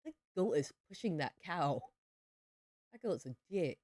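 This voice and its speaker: A woman's voice: lowish voice, very animated, measured pace, a little mellow, no room sound, studio quality. A young adult woman streaming a farming game, chatting playfully with her viewers. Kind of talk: casual livestream chat while gaming.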